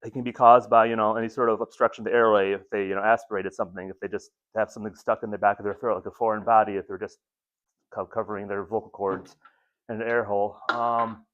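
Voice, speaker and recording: A man with a lowish voice gives a loose, casual training lecture, stumbling through restarts and filler words as he explains. He pokes fun at himself along the way. The recording sounds muffled and lo-fi. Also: level tone, fast, a bit bright. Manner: rambling, self-deprecating, many ums and restarts. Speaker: lecturer at an ambulance crew training.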